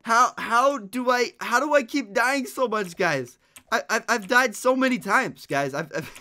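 Excitable young man streaming a game. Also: extremely high pitch, unhurried. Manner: excitable, stammering restarts, frequent laughs. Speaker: gaming livestreamer. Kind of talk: live gameplay commentary.

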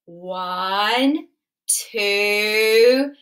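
A woman's voice: medium pitch, very slow, fairly bright tone. A woman leading a live online music and drama class for toddlers, talking in a sing-song, exaggerated storytelling way with gasps and coaxing questions. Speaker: children's music and drama teacher. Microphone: webcam or phone on a stand.

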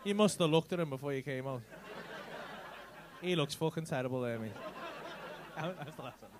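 A man with an English accent, his voice a little high and his speed normal, does live stand-up crowd work in a comedy club with background noise. He teases audience members using cheeky, sweary banter into a handheld stage mic.

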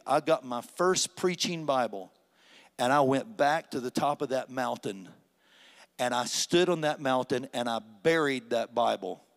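An older man, a pastor, preaching a sermon as a personal story and acting out the dialogue with rising, emphatic peaks. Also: mid-range voice. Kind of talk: sermon testimony. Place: church sanctuary.

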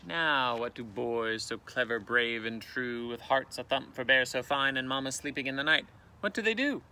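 A male teacher reading a picture book aloud with expressive, dramatic storytelling, outdoors in a canoe. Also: medium pitch, normal speed, clear, resonant tone.

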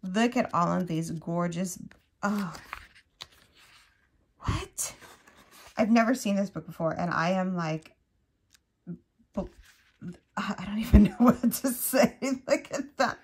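Unhurried, gushing woman crochet vlogger, casual unboxing talk that keeps breaking off mid-thought. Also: mid-range voice. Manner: gushing, excitable, gasps and trails off mid-sentence. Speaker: crochet channel host.

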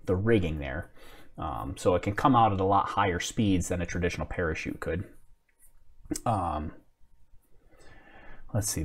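A man with a fairly low voice hosts a live stream in a loose, casual way. He thinks aloud and answers viewer comments as they come in. He often apologizes with a self-mocking humor. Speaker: livestream host.

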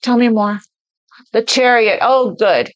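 A woman with a somewhat high voice talks her way through a tarot spread off the cuff. She speaks earnestly, as if passing on messages she senses, and repeats words to press her point. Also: slow, dull audio. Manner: repeats phrases for emphasis. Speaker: tarot reader. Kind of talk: spontaneous tarot card reading.

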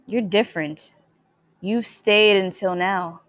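Brief: a soft, eerie game girl, as a woman reads her lines, dry close sound, very slow. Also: medium pitch, dry recording, natural voice. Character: eerie self-aware girl in a computer game. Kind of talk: reading game dialogue aloud.

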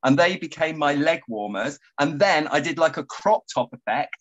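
A man guiding a paper craft tutorial, chatty and quick to laugh. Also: on the high side, dull audio. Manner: animated, giggly and chatty. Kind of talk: casual craft tutorial chat.

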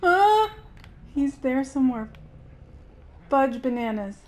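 A woman giving anxious let's-play commentary, yelping and shouting at enemies. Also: mid-range voice, normal speed. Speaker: gaming streamer.

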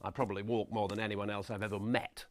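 A man playing a vain, pompous middle-aged character actor, lecturing on his craft in a deadpan, self-regarding way. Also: lowish voice, quick pace, natural voice. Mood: self-important. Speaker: actor giving acting advice. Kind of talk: deadpan spoof documentary address.

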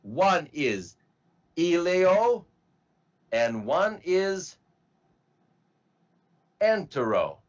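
A man teaching medical terminology to a class, slowly spelling out word parts and asking students to repeat. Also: high-pitched, very animated, dull audio. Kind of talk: classroom lecture.

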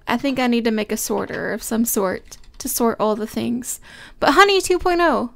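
Young woman, high-pitched, excitable, gushing gameplay chatter. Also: moderate pace, gravelly. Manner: gushing, excitable, squeals of delight. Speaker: Minecraft let's play host. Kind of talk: casual gameplay commentary.

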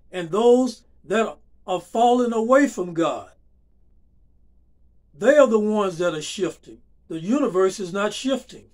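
A man preaching a church sermon, emphatic and deliberate, repeating his key phrases for stress. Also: sits high.

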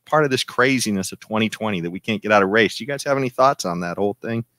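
This is a man hosting a casual podcast panel from a remote setup. His voice sits low and dry with no room sound. He talks loosely, with plenty of fillers and easy chuckles. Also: fast talker, a bit bright, no echo. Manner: laid-back, loose, with many fillers and chuckles. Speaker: podcast host.

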